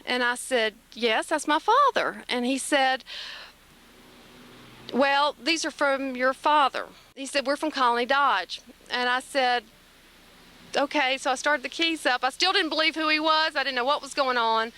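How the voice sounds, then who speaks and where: A woman with a drawl talks into a home camcorder, retelling a story in a long, rambling stream and quoting everyone along the way. Her voice sits high and bright. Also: measured pace. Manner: excited, rambling retelling with many quoted lines.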